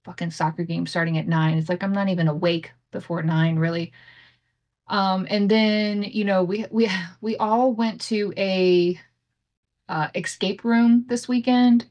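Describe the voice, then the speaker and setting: Woman, 30s, solo podcast host, casual storytelling, swears freely, laughs often, mid-pitched voice, home mic setup. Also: steady tone, a little slow, a little mellow, highs cut off. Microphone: home podcast setup with imperfect audio.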